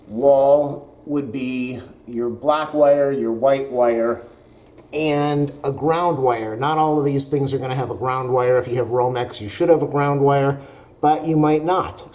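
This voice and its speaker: A man with a mellow, darker-toned voice walks through a do-it-yourself how-to in a loose, rambling way. He leans on fillers as he goes, and his pitch sits in an ordinary middle range. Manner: casual, rambling, with frequent fillers. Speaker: DIY video host. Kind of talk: home improvement how-to.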